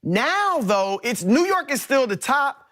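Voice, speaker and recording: A middle-aged man, a sports debate panelist, laying out his case in a measured, explanatory way. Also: very high-pitched, very animated, sharp tone. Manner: measured, explanatory, with frequent restarts.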